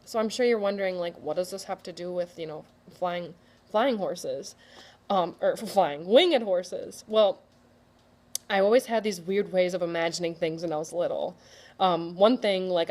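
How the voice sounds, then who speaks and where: A woman's voice: lowish voice, moderate pace, darkish tone. A young woman telling a personal story in a chatty, rambling way, with lots of fillers and frequent laughs. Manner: chatty and rambling, full of likes and ums, laughs often.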